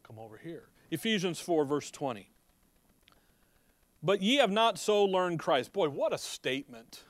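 A man's voice: a little high, very animated, measured pace, dry recording. A man with a slight Chicago accent teaching a Bible sermon, reading verses aloud and asking his listeners rhetorical questions in a conversational way. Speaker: preacher.

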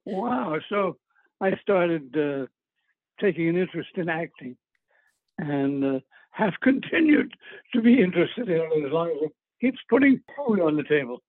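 An older man speaks in a somewhat husky, fairly high voice, spinning long anecdotes with lots of uhs and small laughs. The sound is thin and tinny, as over a telephone line, and very dry. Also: lively intonation, moderate pace, dry recording. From New England. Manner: rambling anecdotes with chuckles and filler words. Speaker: guest actor. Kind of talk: casual interview storytelling.

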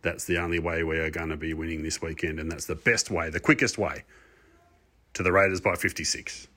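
A man's voice: sits low, steady tone, a little fast, bright, forceful tone. A man doing a ranting, exasperated fan lord. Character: frustrated pompous fan persona, grown man. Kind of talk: pre-recorded comic rant segment.

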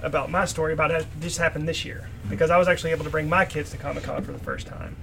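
A man's voice: fairly high pitch, steady tone, very fast, creaky, a bit bright, a little hiss or hum. A man in casual chat, earnestly telling a personal story.

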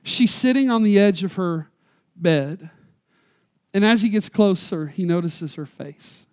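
A preacher telling a story in a sermon, folksy and conversational, swinging from loud emphasis to quiet, slow stresses on key words. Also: medium pitch, clean tone.

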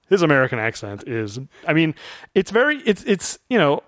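Animated male podcast co-host, dry sound. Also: on the high side, dry recording. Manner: animated, quick asides, lots of fillers and impressions. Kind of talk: casual movie review chat.

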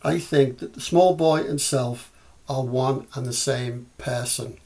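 A man with a Scouse accent, hosting a podcast and reading prose and poetry aloud in a measured way. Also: mid-range voice, gravelly, dark tone. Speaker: podcast host and reader.

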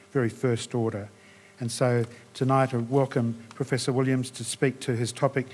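Man, event host, formal introduction, polite, slightly halting, mid-range pitch. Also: darkish tone, a little hiss or hum.

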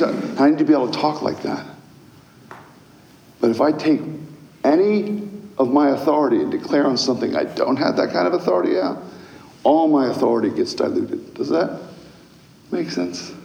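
A man preaching a sermon as pastor, musing at times and rising to loud, emphatic proclamation. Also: mid-range voice, lively intonation, normal speed, creaky, pauses often. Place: church. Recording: echoey church hall.

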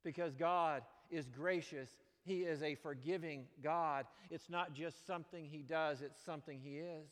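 A male pastor preaching a sermon, animated, moving between loud exclamations and quiet, earnest passages. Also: a little high, normal speed, hardly any pauses. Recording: long reverb of a large hall.

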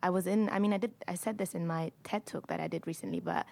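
A woman from Germany talks through her experiences in a podcast chat. Her voice sits a little low with a gravelly rasp. She brings her stories to life by acting out the dialogue. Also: quick pace. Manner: animated storyteller, acts out quoted exchanges. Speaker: podcast co-host. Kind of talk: casual discussion.

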